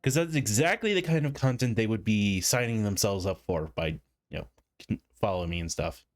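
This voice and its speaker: A man's voice: lowish voice, lively intonation, moderate pace. A young man chatting casually over gameplay as a streamer, rambling and playful with frequent swearing.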